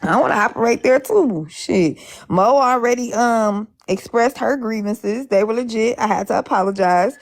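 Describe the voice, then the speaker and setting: A woman's voice: on the high side, normal speed. A woman hosting a casual live stream, chatting in a rambling, laid-back way. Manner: chatty, rambling, with frequent laughs.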